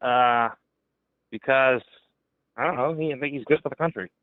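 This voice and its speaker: A man's voice: mid-range voice, normal speed, dry recording. A man in his thirties answers hesitantly over a thin, phone-like line. The sound is very dry, with no room around it. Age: 30s. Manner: hesitant, unsure. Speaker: caller.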